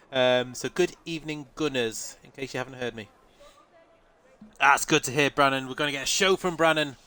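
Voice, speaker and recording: Nasal, congested race commentator. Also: male voice, mid-range voice, normal speed, pauses often, bright, forceful tone. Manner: chatty, answers live chat, laughs often. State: congested with a head cold. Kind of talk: live sim-racing commentary.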